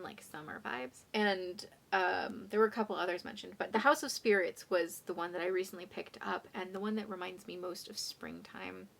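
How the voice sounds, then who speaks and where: A young woman chatting casually about books for her vlog, self-deprecating and drifting into soft asides. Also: mid-range voice, vocal fry. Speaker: book vlogger. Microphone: phone condenser mic.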